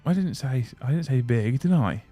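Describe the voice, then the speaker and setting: A man's voice: mid-range voice, lively intonation, normal speed, warm tone, dry recording. Brief: male streamer, blunt and sweary, exasperated rant, music faint underneath. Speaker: streamer host reading super chats. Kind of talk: casual livestream rant.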